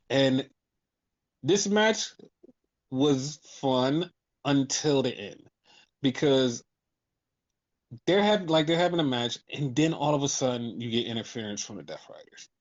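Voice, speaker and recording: A man hosting a casual podcast and recapping wrestling shows, animated and profane, acting out what people said. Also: medium pitch, dull audio. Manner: animated, profane, acts out quotes. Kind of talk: casual chat.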